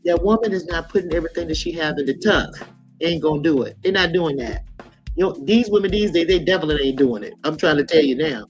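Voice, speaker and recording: A woman's voice: low-pitched, animated, fast talker, dull audio, soft background music. A woman in her sixties hosting a casual live chat, talking frankly in a folksy way and laughing often. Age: 60s. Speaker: live stream host.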